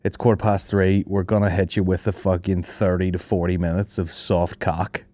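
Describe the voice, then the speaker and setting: A man's voice: low voice, flat delivery, normal speed, dark tone, dry recording, clean studio sound. A young man hosting a podcast, rambling through stories with lots of swearing and laughter. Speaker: podcast host. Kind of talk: casual chat.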